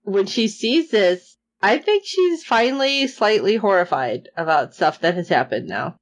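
Recapping a series as a podcast co-host, a woman chats casually with quick asides and plenty of fillers. Her very lively voice swoops around, leaping high whenever she mimics characters' shocked reactions.

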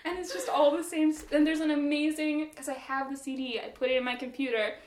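A woman guest chatting casually, laughing her way through a funny story. Her voice sits high, and the room adds a clear echo. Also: steady tone, fast talker, a little hiss or hum. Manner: giggly, storytelling with frequent laughs. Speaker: guest musician. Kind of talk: casual chat.

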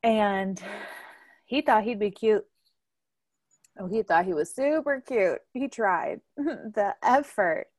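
On this podcast, a young adult woman leads a relaxed family conversation, laughing a lot and loudly performing the lines she quotes as she tells stories. Her medium-pitched voice moves slowly, with frequent pauses. The sound is dry and clean, like a studio.

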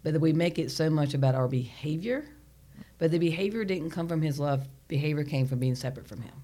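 A woman's voice: deep voice, quick pace, mellow, a little hiss or hum. A woman from Charlotte who co-hosts the podcast, chatty and self-deprecating as she asks the guest questions. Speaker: podcast co-host. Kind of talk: casual interview conversation.

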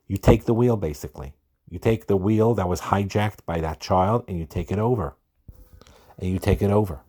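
Low-pitched male podcast host, earnest and unscripted, repeats as he goes. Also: moderate pace, mellow, breathy edge. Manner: earnest, repeats words when starting a thought. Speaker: podcast host giving marriage advice. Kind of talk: solo podcast talk.

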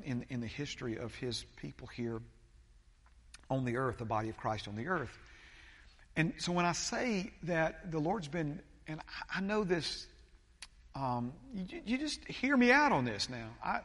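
A pastor preaches in a halting way, stopping on fillers and starting phrases over. His voice sits at an ordinary middle pitch for a man. The sound carries a long reverb from the church hall around him. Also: a bit bright. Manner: halting, many fillers and restarts. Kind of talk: sermon.

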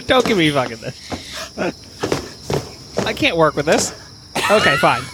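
A man's voice: fairly high pitch, very animated, measured pace, very noisy. Profane joking man chatting casually. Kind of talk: casual comedic banter.

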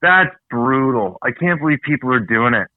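Brief: Canadian man, blunt and profane co-host, mid-pitched voice, dry and tinny phone-like sound. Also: lively intonation, moderate pace, dry recording. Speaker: podcast co-host. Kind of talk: casual chat.

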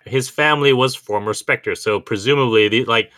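A man co-hosting a casual podcast chat, animated and talking in quick asides, often laughing. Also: mid-range voice, no room sound. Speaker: podcast co-host.

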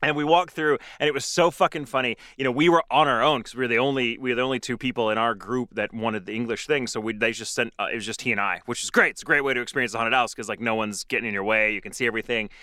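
Male podcast host, bright and lively, tells stories with a nervous laugh. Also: mid-range voice, racing, few pauses, no room sound, studio quality. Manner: animated storyteller, laughs often. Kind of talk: casual chat.

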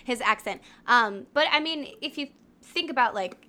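A woman in casual book chat with a bright, sharp-edged voice. She leans hard on her words and swears freely, pitched a little high. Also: lively intonation, normal speed. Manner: emphatic, swears often.

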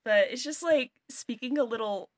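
A woman cast member of a podcast chatting casually, halting and correcting herself as she talks. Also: fairly high pitch. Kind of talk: casual chat.

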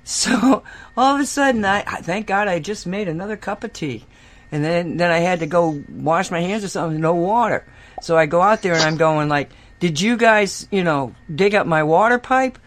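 A woman's voice: lowish voice, lively intonation, moderate pace. Chatty woman spinning a rambling story. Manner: rambling storyteller, laughs often and acts out quotes. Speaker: host. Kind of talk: casual chat.

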